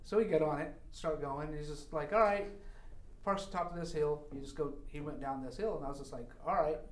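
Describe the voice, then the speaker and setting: A man's voice: a little high, brisk. A man telling a funny story in casual chat, laughing as he goes. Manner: laughs through his story. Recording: echoey, distant from the mic.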